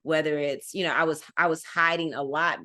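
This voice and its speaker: A woman's voice: low-pitched, fairly even intonation, a little fast, bright, forceful tone. A woman from Texas with a Texan accent, chatting casually and emphatically on a talk show, laughing often and repeating points for emphasis. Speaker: guest. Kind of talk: casual chat.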